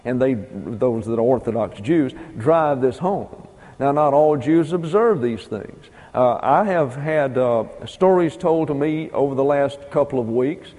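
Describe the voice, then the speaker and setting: A man's voice: a little high, mellow. A man giving a folksy, digressive Bible lecture to a class, spelling out words and numbering his points. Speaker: Bible teacher. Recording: hall with long reverb.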